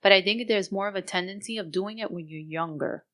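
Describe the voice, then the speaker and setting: A woman co-hosting a podcast, telling a story in casual chat, animated and mixing Spanish phrases into her English. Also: medium pitch, brisk. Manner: animated, code-switching into Spanish, laughing while telling a story. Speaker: podcast co-host.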